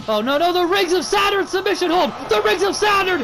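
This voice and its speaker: A man calling a wrestling match as play-by-play commentator, excitable and full of exclamations. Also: extremely high pitch, quick pace, gravelly, background noise.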